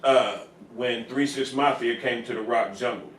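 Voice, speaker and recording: A man's voice: medium pitch, steady tone, normal speed, a bit bright. A man hosting a podcast, telling stories casually and animatedly, acting out the voices of people he quotes. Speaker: podcast host. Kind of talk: casual storytelling. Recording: roomy echo, far from mic.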